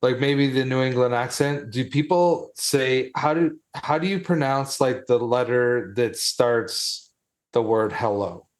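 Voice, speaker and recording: A man trades relaxed podcast banter, unhurried and casual, with a voice at a middle pitch. He drops a "dude" here and there. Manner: laid-back, calls people "dude". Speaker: podcast co-host. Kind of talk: casual chat.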